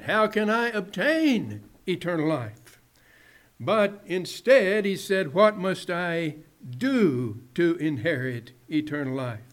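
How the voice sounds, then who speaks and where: A man preaching a sermon in a measured way, dropping low and soft at the ends of phrases.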